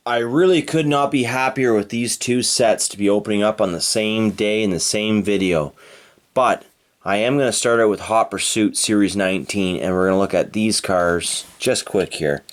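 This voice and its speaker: A man from Canada narrating an unboxing of die-cast toy cars with enthusiastic, playful exclamations. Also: mid-range voice. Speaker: toy car reviewer.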